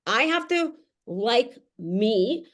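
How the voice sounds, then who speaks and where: Speaking extremely slowly yet very animated, a middle-aged woman with a high, slightly bright voice addresses fellow parents directly to camera. Her unscripted talk is blunt and full of swearing, and she laughs often between phrases.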